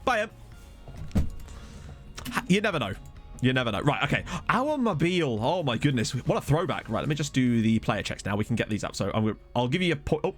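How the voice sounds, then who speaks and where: A man chatting casually on a live stream as he plays a football management game, rambling and answering viewers. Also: mid-range voice. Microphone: desktop USB microphone.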